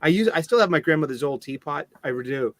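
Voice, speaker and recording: A man's voice: a little high, expressive, a little fast, heavy background noise. A man from the area, swearing freely as he tells jokey stories in a casual chat. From Boston area. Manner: joking, profane storyteller.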